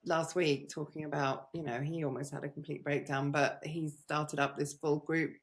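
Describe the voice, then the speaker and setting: A woman's voice: deep voice, little pitch movement, moderate pace. A woman hosting a podcast, chatty and encouraging, laughing easily with her guest. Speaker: podcast host. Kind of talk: casual interview chat.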